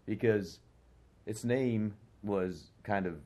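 A deep-voiced older man from the United States speaks as an interview guest, his tone slightly husky. He reflects on his past in an unhurried, thoughtful way, pausing often with fillers and restarts. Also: warm tone. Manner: reflective, hesitant with many fillers. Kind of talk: conversational interview.

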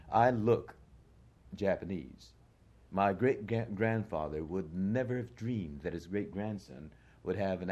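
A man's voice: sits low, mellow, slightly rough. An older American man, an actor, recalling his past in a conversational interview, reflective and full of hesitations. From United States. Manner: reflective, hesitant with many fillers.

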